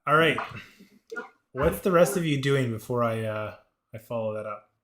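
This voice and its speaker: A man's voice: medium pitch, noisy background. A man narrates a tabletop game as game master, stopping and restarting his sentences. His voice sits mid-range and sounds roomy, with an echo off the walls. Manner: halting, many fillers and restarts.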